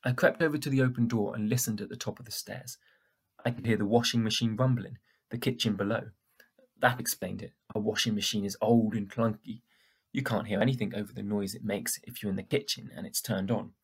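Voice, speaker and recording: A man reading a first-person storybook aloud in a steady, plain way, with a husky voice. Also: fairly low pitch. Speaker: audiobook narrator.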